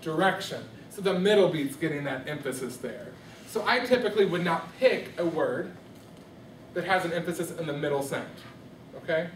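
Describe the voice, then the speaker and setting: A man's voice: a little high, normal speed, a little hiss or hum. A man teaching a class from afar. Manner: questioning, coaxing students to answer. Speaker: music teacher. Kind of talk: classroom microteaching lesson. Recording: echoey classroom from far off.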